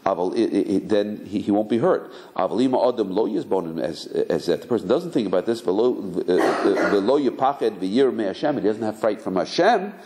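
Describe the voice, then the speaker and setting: Fast-talking, low-voiced rabbi. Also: male voice, mellow, poor audio. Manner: mixes Hebrew terms, acts out quoted voices. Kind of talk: Torah lecture.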